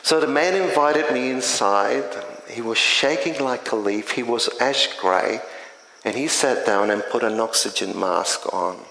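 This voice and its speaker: A middle-aged man, a community chaplain telling his testimony in an earnest, measured way. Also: mid-range voice, creaky, sharp tone, a little hiss or hum. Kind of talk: spoken testimony. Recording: echoey hall with faint ambience.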